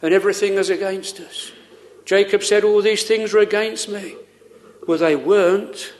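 A man preaching a sermon in an earnest, pleading way, full of pauses and rhetorical questions. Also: high-pitched, steady tone, slight background noise.

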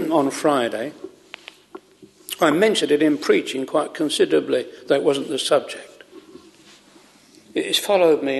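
A man preaching a sermon from the pulpit, slow and earnest, stretching out words for emphasis. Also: fairly high pitch, creaky, a little mellow, big-room sound. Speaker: pastor. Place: chapel.

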